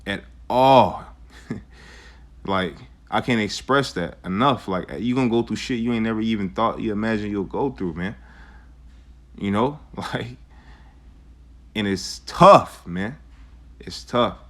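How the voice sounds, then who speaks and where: A man's voice: on the low side, measured pace. A young man talking casually about faith, full of slang and "you know," reading old verses aloud. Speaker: vlogger sharing scripture. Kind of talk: casual religious talk and scripture reading.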